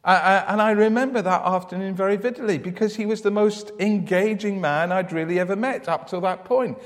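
A man's voice: high-pitched, a little fast. A man preaching a sermon in a church, telling stories in an earnest way and often repeating words as he starts a thought. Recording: long church reverb.

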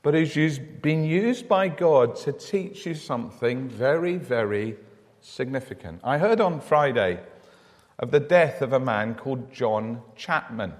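A man's voice: medium pitch, animated, unhurried. A man preaching a sermon in a church, telling stories in an earnest way and often repeating words as he starts a thought. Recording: long church reverb.

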